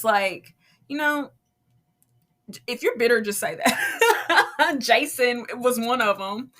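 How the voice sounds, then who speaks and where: A woman hosting a podcast, casually and animatedly telling her own faith testimony. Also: medium pitch. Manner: animated, acts out quoted voices, laughs often. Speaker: podcast host.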